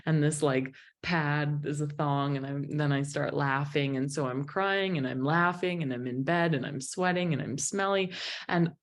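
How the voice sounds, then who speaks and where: A woman giving a motivational talk to a group at an evening presentation, telling a personal story in an emotive, animated way. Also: sits low, normal speed. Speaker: motivational speaker and business founder.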